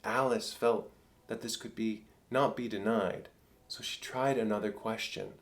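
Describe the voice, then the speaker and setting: Male audiobook narrator, measured storytelling, classic tale reading. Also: on the low side, steady tone. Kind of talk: scripted narration.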